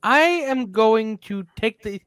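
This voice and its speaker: A man co-hosts a podcast in a loose, joking way and swears casually as he talks. His voice is bright and sits dry and close to the mic. He keeps the whole thing offhand. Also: high-pitched, expressive, slow pace, clean tone, no echo. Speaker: podcast co-host. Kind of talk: casual sports chat.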